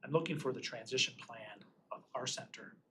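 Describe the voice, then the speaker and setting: A man commissioner speaks in an assertive, opinionated way during committee debate. His pitch is mid-range for a man. A little background noise sits behind him in the meeting room. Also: a little fast, bright, forceful tone. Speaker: county commissioner.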